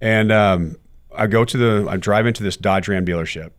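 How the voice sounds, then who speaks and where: A middle-aged man giving a candid interview, telling his stories with animated quoted dialogue and frequent cursing. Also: lowish voice, normal speed. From United States. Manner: animated storyteller, curses freely, acts out quotes. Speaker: guest, former baseball player.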